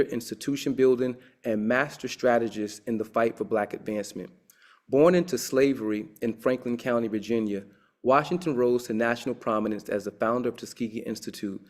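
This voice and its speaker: A man leading an online history class, reading and lecturing, with emphatic preacherly rises. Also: fairly low pitch. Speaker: class leader.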